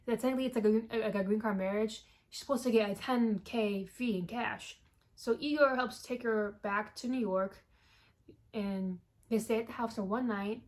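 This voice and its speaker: A woman with a somewhat high voice recaps a movie in a loose, chatty way. She swears freely and jumps into characters' lines with lively emphasis. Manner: animated, profane storytelling, acting out characters' lines.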